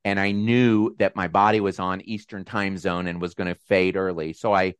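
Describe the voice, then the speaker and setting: A man hosting a video call with supporters, telling a personal story in a casual, animated, self-deprecating way. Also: sits low, moderate pace, smooth, no room sound. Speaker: host. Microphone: video call mic.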